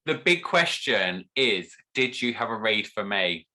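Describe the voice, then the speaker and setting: A man's voice: on the low side, sing-song, a little slow, pushed and bright. A man hosting a casual interview, playful and teasing with his guest. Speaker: host.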